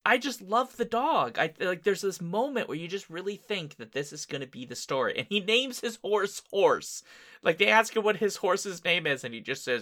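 A man co-hosting a podcast, chatting casually and enthusiastically about a movie. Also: brisk. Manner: enthusiastic, jumps up in pitch when excited. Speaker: podcast co-host. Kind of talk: casual movie-review chat.

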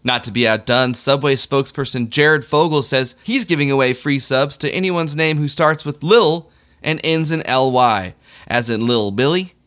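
Brief: man doing a deadpan satirical news monologue, bright tone. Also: mid-range voice, moderate pace. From Kansas City area. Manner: deadpan, self-deprecating asides. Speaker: comedy news host.

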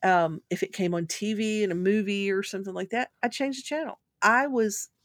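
Lady guest telling a long story, rambly, gets animated, dry mic. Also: mid-range voice, a little fast, dry recording. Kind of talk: casual storytelling.

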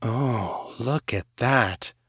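Guy reading as a flirty ai wife, soft and sultry, wry, audiobook story. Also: medium pitch, animated, slow, breathy edge, no room sound, clean studio sound, full character voice. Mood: admiring. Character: seductive female AI wife, playful, wry.

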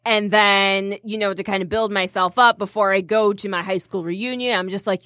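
A woman in her thirties chatting casually as a co-host, telling stories in an animated way and acting out rants in quoted voices. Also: medium pitch, moderate pace, few pauses, no room sound, studio quality. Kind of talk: casual chat.

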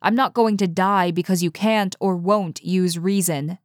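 Brief: woman playing a gruff, bossy man, low and unhurried, dry close read. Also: fairly even intonation, dry recording, lightly acted. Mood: impatient. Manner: curt, scornful, demanding. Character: impatient gruff commanding man.

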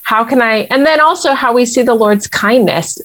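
A woman speaking as a guest in a faith conversation, thoughtful and measured, with articulate phrasing. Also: a little high, a bit bright.

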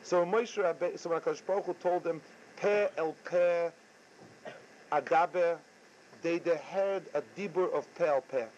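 Casting male rabbi, halting Torah lecture, slightly high voice, dull lo-fi tape. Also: a little mellow, slight background noise. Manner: halting, repeats words often. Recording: dull lo-fi recording.

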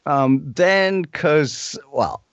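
A man's voice: fairly high pitch, lively intonation, drawn-out words, clean tone, dry recording. A man, a voice actor, chatting casually as a guest and often breaking off and restarting his sentences, heard over a dull lo-fi remote line. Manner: chatty, self-interrupting. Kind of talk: casual chat.

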